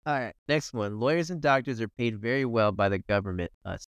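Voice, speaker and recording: A man's voice: medium pitch, lively intonation, brisk, clear, resonant tone, no echo. A man co-hosting a comedy podcast, reading items from a list aloud and laughing along. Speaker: podcast co-host. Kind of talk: casual comedic chat.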